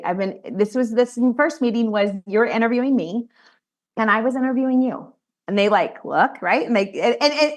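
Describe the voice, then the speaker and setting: Animated woman coaching fellow advisors. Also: on the high side. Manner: animated, direct, acts out client conversations. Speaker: financial advisor training peers. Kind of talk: training talk to colleagues.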